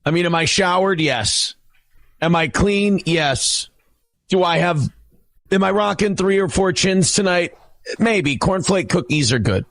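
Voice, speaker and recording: Theatrical male livestreamer, high voice, boastful, self-dramatizing, dry mic sound. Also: animated, measured pace, fairly bright tone, no echo. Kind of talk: livestream monologue.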